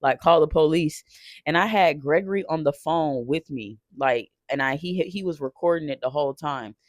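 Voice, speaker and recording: A man telling a painful personal story off the cuff, emotional and halting, swearing and restarting often. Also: fairly high pitch, dry recording, studio quality. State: shaken while recounting.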